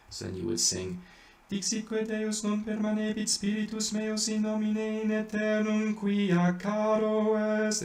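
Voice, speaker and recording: A man with a lowish, gravelly voice explains chant rules in a halting, filler-heavy way. He sounds a bit distant from the mic in an echoey room with faint noise behind him. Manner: halting explanations with many fillers and restarts, breaking into sung Latin chant. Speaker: chant teacher. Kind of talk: informal spoken lesson with sung examples.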